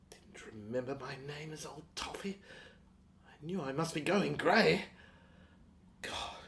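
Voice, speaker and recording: A woman reading a first-person audio novel in a dreamy, wandering, halting way. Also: on the low side. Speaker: narrator.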